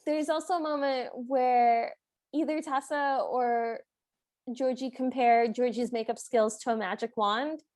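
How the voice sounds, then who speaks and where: A woman's voice: high-pitched, a little slow. A woman co-hosting a podcast, chatting casually and laughing as she retells a film. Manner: giggly, animated retelling. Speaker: podcast co-host. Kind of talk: casual chat recapping a film.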